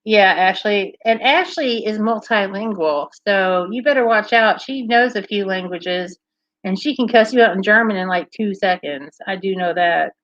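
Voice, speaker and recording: Reading out comments from viewers, a livestream host chats playfully on her casual stream; she's from Kentucky and has a gentle Southern accent. She speaks at a normal speed with a medium pitch and a fairly bright tone, captured in a dry, muffled recording.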